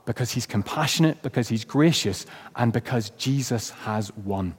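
A man's voice: mid-range voice, normal speed, slightly rough. A man preaching a sermon as pastor, then leading a closing prayer. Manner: reads a story aloud with rising, shouted quotes. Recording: long reverb of a church hall.

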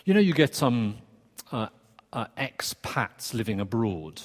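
A man delivers a sermon in an earnest, conversational way, stopping for quick asides and restarting his phrases as he goes. His voice sits in an ordinary middle register. The recording carries the long, lingering reverb of a church hall. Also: medium pitch, sing-song. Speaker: preacher.

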